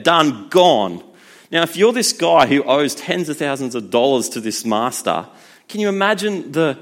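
Man preaching, casual and lively, mid-pitched voice. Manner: conversational, lively, acts out voices. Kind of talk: sermon.

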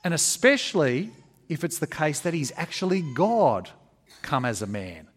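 A man's voice: normal speed, slightly rough. A man preaching a sermon in an emphatic, conversational way, with fillers and restarts. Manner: expressive, emphatic preaching with varied pitch. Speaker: pastor.

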